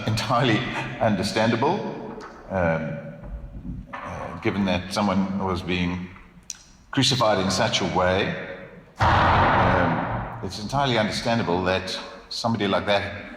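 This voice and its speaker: A pastor preaching a sermon in a church, earnest and emphatic, asking rhetorical questions. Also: male voice, fairly low pitch, fairly bright tone, reverberant, long reverb tail.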